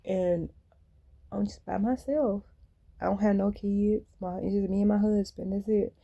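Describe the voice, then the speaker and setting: A woman's voice: mid-range voice, fairly even intonation, a little slow, gravelly, dark tone, lo-fi sound. A woman vlogger rambling candidly to her viewers in a blunt, colloquial way. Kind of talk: casual monologue to viewers.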